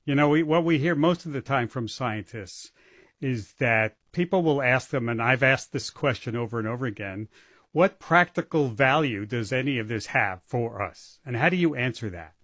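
A man's voice: mid-range voice, normal speed, a bit bright, husky, dry recording, studio quality. A man hosting a radio interview, asking curious, probing questions. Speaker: radio host.

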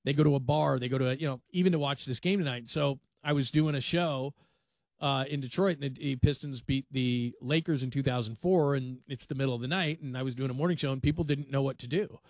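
A man's voice: medium pitch, fast talker, darkish tone, dry recording. A man hosting a sports talk radio show, rambling and conversational with dry sarcasm. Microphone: studio microphone.

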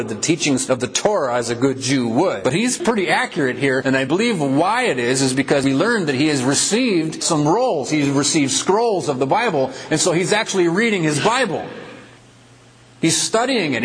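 A man preaching a sermon, asking questions with emphatic rises in pitch. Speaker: pastor.

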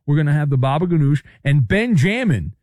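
Sarcastic, lively sports radio host, man. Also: a little high, brisk, no echo, studio quality. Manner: sarcastic, riffing, playful asides. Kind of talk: sports talk monologue.

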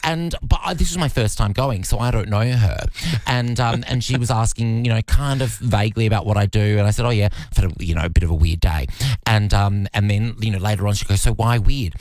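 A man's voice: fairly low pitch, a little fast, a little mellow, no echo. An Australian man telling stories on a radio show, chatty and self-mocking with many restarts. He voices cartoon characters, and people often say his voice sounds put on. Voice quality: voice often called put on and irritating. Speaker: radio show guest and voice actor. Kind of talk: casual radio banter.

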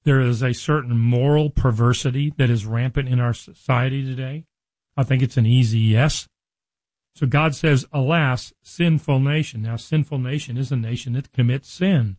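A man preaching a sermon, reading scripture slowly and explaining it in an earnest, conversational way to his listeners. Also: mid-range voice, a little mellow, no room sound, rough recording. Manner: addresses listeners directly.

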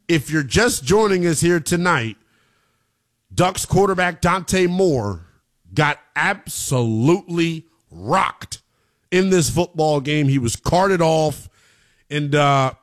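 A man hosting a sports talk radio show, emphatic and slangy, with an excitable delivery. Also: a little high.

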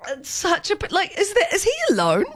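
A woman's voice: very high voice, moderate pace, dry recording, clean studio sound. Bubbly woman radio co-host. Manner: bubbly, laughs often, animated retelling. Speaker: radio breakfast show co-host. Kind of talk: casual radio chat. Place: radio studio.

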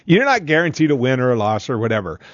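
A man's voice: mid-range voice, big pitch swings, fast talker, dry recording, lo-fi sound. Emphatic, opinionated male radio co-host. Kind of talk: casual sports talk.

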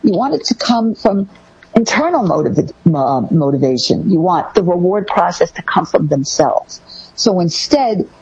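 A woman co-hosting a talk show, giving casual parenting advice in a lively way, acting out what parents say to their kids. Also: normal speed, breathy edge, lo-fi sound. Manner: lively, acts out parent phrases in a higher voice. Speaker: parenting podcast co-host.

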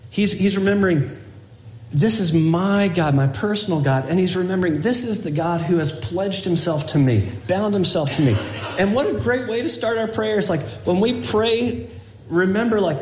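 A man's voice: high-pitched, animated, moderate pace, echoey room. A man preaching a sermon as pastor, in a conversational way with frequent restarts and asides.

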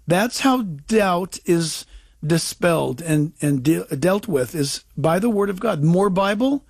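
A man's voice: a little high, lively intonation, slow, vocal fry, a little mellow, husky. A man giving a casual Bible teaching talk, emphatic and repetitive, often restarting his sentences.

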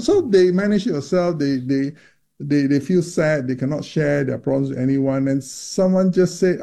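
Gravelly, dark-toned doctor explaining patiently. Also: male voice, a little high, normal speed. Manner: explanatory, many repeated words and restarts. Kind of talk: interview about menopause research.

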